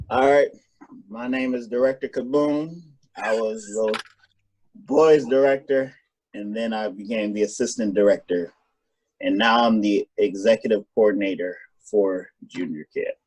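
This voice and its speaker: A man's voice: lowish voice, unhurried, long pauses, a little mellow, husky, rough recording. A young man, a camp coordinator, chatting casually and laughing mid-sentence. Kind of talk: casual podcast chat.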